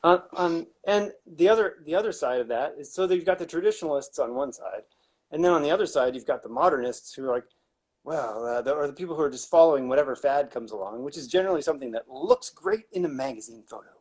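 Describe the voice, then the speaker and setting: A man's voice: fairly high pitch, big pitch swings, fast talker, a little mellow, breathy edge. A man, a winemaker, explaining wine making in a casual, rambling way with wry asides and many restarts.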